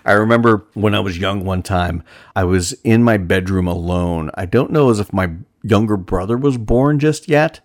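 Deep-voiced man reviewing a film. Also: normal speed. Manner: rambling, personal anecdotes, frequent restarts. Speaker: movie reviewer. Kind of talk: casual spoken film review.

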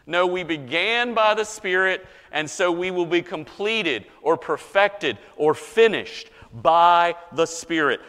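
A man preaching a sermon as a pastor, animated, mock-voicing objectors and swinging between loud and soft. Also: fairly high pitch, in a large hall.

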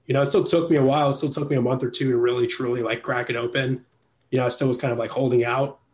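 A man's voice: medium pitch, steady tone, rapid-fire. Rambling young man, easy casual talk. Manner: rambling, filler-heavy, laughs often. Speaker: guest. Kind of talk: casual interview chat.

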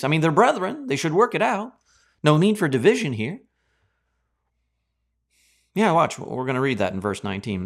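A man preaching a Bible teaching sermon in a sarcastic, animated way, acting out reactions. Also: medium pitch, a little fast, pauses often.

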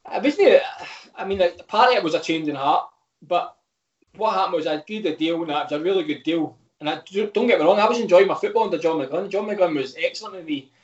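A man's voice: high voice, lively intonation, a little fast, roomy sound, highs cut off. A Scottish man in his thirties, a footballer chatting frankly on a podcast with many restarts. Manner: rambling, frank, with lots of restarts. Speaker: footballer guest. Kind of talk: casual podcast chat.

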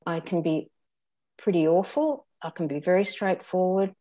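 An older Australian woman telling a personal story as an interview guest, candid and reflective, halting often and restarting. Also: lowish voice, warm tone.

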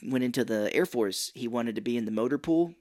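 A man's voice: mid-range voice, a little fast, darkish tone. A man co-hosting a casual podcast, chiming in with easygoing personal stories and side anecdotes. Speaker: podcast co-host. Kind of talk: casual chat.

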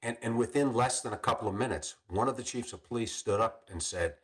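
An older man, a retired police captain, telling stories in a podcast interview with many restarts and frequent throat clearing. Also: medium pitch, brisk.

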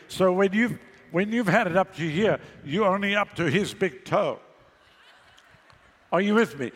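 A man's voice: high-pitched, a bit bright, long reverb tail. A male pastor preaching a sermon in a conversational way, with sarcastic asides.

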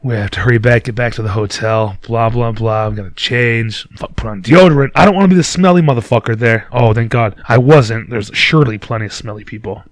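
Young male vlogger, casual profane storyteller, mid-pitched voice, close dry sound. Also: fairly quick, few pauses, no room sound. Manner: profane, rambling, laughs at himself.

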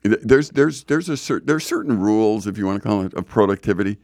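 Blunt middle-aged male podcast co-host, deep-voiced, dry close sound. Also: animated, fast, a little mellow, no echo. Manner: blunt, opinionated, stammers on restarts. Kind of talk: casual discussion.

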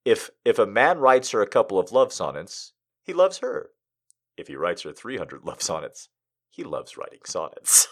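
Brief: male poetry host, lively rise and fall, reads slowly then chats with frequent laughs. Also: lowish voice. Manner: laughs often, trails off into asides. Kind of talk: poetry reading and casual chat.

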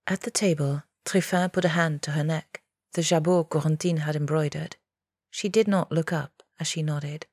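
A woman with a deep, gravelly voice reads a fantasy tale aloud. She drops to a hush for the whispered lines and lifts sharply for the shouted ones. The recording is close and dry. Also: fairly even intonation, moderate pace, no room sound. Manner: voices characters with whispers and raised cries. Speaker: narrator. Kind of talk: scripted narration.

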